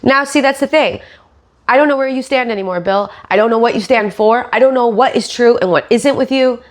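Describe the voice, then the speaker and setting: A woman's voice: on the high side, fairly quick. A woman podcast host and stand-up comic giving sarcastic, profane commentary.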